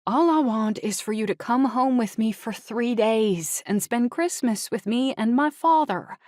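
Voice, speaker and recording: A woman's voice: on the high side, unhurried, dry recording, studio quality. A woman voicing a stubborn young college woman who pleads in a raised, urgent voice. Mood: pleading.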